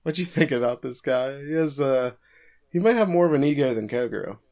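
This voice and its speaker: A man's voice: medium pitch, expressive, brisk, a little mellow. A man co-hosting a podcast, casually recapping an anime episode with frequent chuckles. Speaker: podcast co-host.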